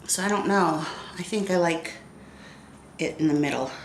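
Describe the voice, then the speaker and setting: A woman's voice: deep voice, moderate pace, echoey room, a little hiss or hum, rough recording. A woman in her fifties, stuffy and congested, chatting casually to viewers while she styles her hair. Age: 50s. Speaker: beauty vlogger. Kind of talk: casual get-ready-with-me hair tutorial.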